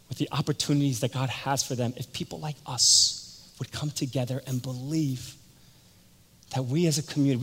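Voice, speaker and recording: A man's voice: medium pitch, a bit bright. A male pastor giving a sermon, telling a story and acting out the voices of the people in it. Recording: long hall reverb.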